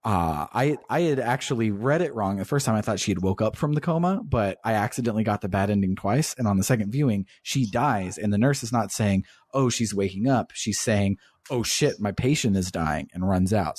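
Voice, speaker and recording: A man's voice: on the low side, animated, fairly quick, a little mellow, no echo, studio quality. A man hosting a podcast, casually retelling a video game's story and swearing freely as he goes. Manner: swears casually while recounting the plot. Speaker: podcast host.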